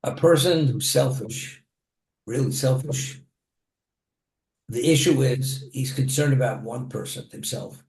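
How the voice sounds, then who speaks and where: A man's voice: medium pitch, a little mellow, echoey room. A man delivering a plain-spoken sermon, telling a story from his own life with the occasional restart.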